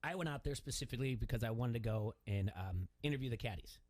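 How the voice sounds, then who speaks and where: A man's voice: medium pitch, fast talker, a little mellow, no echo. Sports radio host guy, chatty, lots of likes and um, dry studio mic. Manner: loose, filler-heavy conversational delivery. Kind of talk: casual radio talk.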